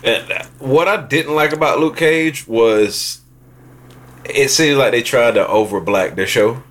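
Bezpośredni mężczyzna o jasnym, ostrym głosie. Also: male voice, mid-range voice, a little slow. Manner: blunt, profane, animated. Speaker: podcast co-host. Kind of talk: casual chat. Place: kitchen.

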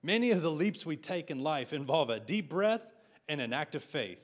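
Man, middle-aged pastor, preaching, storytelling, slightly higher voice. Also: big pitch swings, moderate pace. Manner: storytelling, self-deprecating asides. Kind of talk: sermon.

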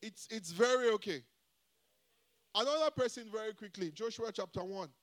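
A man with a high voice preaches a sermon. He is emphatic and often calls out to the congregation to answer back. His loudness and pace swing from line to line. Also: moderate pace. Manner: call-and-response, repeatedly asking the congregation "Hello?".

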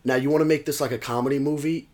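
A man chats casually with a friend, giving blunt opinions. His voice sits in an ordinary middle range. He vents about everyday irritations in a relaxed, ranting way. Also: mid-range voice, very fast. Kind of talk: casual chat.

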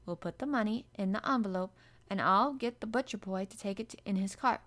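A woman's voice: mid-range voice, a little fast, fairly bright tone, lightly acted. A woman voicing a blunt, cheerful young housemaid with a broad Yorkshire accent, talking in hearty dialect.

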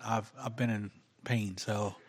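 A man's voice: lowish voice, fairly even intonation, takes it slowly. A man on the prayer team speaking hesitantly from away from the microphone. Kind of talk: prayer ministry invitation.

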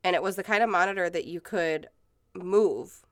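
A podcast co-host in her thirties tells stories in casual chat, rambling with lots of fillers and swearing freely. Her voice is on the low side at normal speed, recorded dry with clean studio sound.

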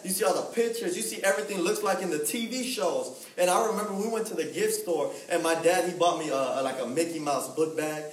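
A young man preaching in a lively, slangy storytelling style, acting out the voices of the people in his story. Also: high-pitched. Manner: animated, slangy, acts out voices. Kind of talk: storytelling sermon. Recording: echoey room, mic at a distance.

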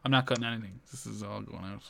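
A man's voice: lowish voice, fast talker, vocal fry, sharp tone. A man hosting a casual podcast, teasing his guest and scoring his efforts like a quiz. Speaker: podcast host. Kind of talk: casual chat.

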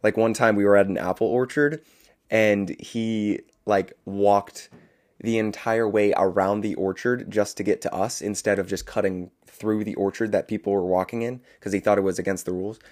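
A young man hosting a solo podcast, chatty and rambling, often laughing at himself and filling pauses with "uh.". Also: fairly low pitch, steady tone, a little mellow. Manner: chatty, rambling, self-amused with frequent fillers. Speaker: podcast host. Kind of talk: casual solo podcast chat.

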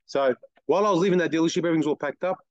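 A middle-aged man, a guest telling blunt, lively stories in an interview and acting out other people's lines. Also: on the high side, rapid-fire, dry recording, muffled recording. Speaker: guest, car detailing business owner. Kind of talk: casual interview storytelling.

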